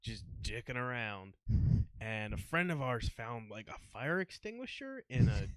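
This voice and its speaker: A man's voice: mid-range voice, measured pace, no room sound. A young man from New Jersey, a podcast guest, telling a funny story in casual chat and acting out the quotes. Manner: animated storyteller who acts out quotes and laughs often.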